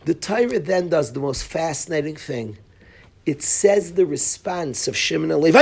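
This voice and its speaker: A man lecturing as a rabbi in a Torah class, telling the story with animated energy and sprinkling in Hebrew and Yiddish terms. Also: fairly high pitch, normal speed, vocal fry, breathy edge. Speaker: rabbi, yeshiva head.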